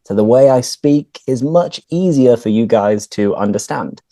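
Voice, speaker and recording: Man, 30s, teacher, clear and patient explanations, warm voice, video call. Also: mid-range voice, expressive, moderate pace, no room sound. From northern England. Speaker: English teacher and host. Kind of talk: casual conversation with explanations for learners. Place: home room, on a video call.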